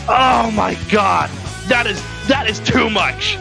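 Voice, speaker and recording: A scheming male mad scientist, as a fan performer puts him on, reacts to a cartoon in a slow, drawn-out delivery. He laughs through his lines and swears freely. Music plays clearly behind him. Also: medium pitch, rough recording. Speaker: in-character video reactor. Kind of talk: in-character reaction commentary.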